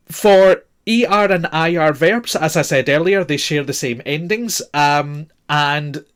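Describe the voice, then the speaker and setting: A man's voice: a little high, fairly bright tone. A man teaching a recorded language lesson, patiently repeating forms and spelling them out letter by letter.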